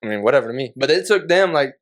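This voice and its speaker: A man's voice: medium pitch, expressive, racing. A man on a podcast telling a casual, profane story in a laid-back way, often breaking into laughter. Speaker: podcast guest.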